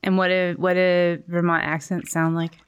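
A woman's voice: lowish voice, level tone, normal speed, highs cut off, slight background noise, close to an everyday voice. A woman voicing a touchy male chipmunk who puts on a New York accent and argues defensively in improv comedy. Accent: put-on New York. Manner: defensive, bickering. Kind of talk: improv comedy role-play.

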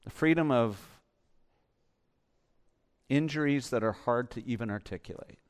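A man preaching a sermon as pastor, impassioned, moving between loud urging and soft, hushed lines. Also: mid-range voice, measured pace, clean tone.

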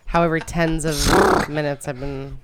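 A woman's voice: low-pitched, fairly even intonation, a little slow, heavy background noise. A woman chiming in on a podcast with teasing, offhand remarks. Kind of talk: casual podcast chat.

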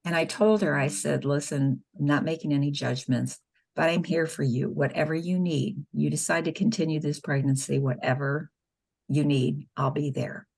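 A woman's voice: sits low, fairly even intonation, moderate pace, vocal fry, darkish tone, husky. A middle-aged woman, a nurse and spokeswoman, telling patient stories earnestly in an interview, acting out the dialogue. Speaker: nurse and pro-life spokeswoman. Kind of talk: conversational interview storytelling.

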